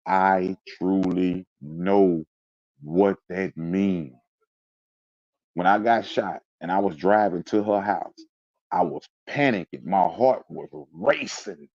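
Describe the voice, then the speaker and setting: Low and somewhat dark in tone, a man's voice carries a personal story he shares as a guest in a relaxed interview. He tells it with intensity and emphasis, occasionally acting out noises. There's no echo, but the audio sounds dull.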